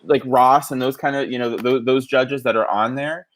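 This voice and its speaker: A podcast host from the New York City area tells stories in a chatty way, full of fillers. His mid-range voice moves at a moderate pace with fairly even intonation, and the talk is casual.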